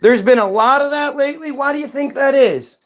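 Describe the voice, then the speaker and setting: A man's voice: very high-pitched, brisk, a bit bright. A man hosting his own channel in a heated, profane commentary rant, firing off rhetorical questions. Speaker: commentary host. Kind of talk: ranting commentary.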